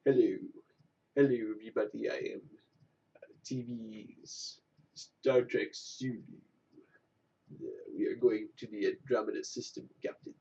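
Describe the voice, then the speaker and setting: A man doing a halting, bewildered starship helmsman. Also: lowish voice, steady tone, gravelly, warm tone, slightly rough, heavily acted. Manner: slow, hesitant delivery with pauses. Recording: dull lo-fi sound from a distant mic.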